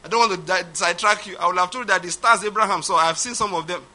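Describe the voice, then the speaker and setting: A man preaching a sermon, emphatic, swinging from loud declarations to quiet asides. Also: high voice, racing. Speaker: pastor.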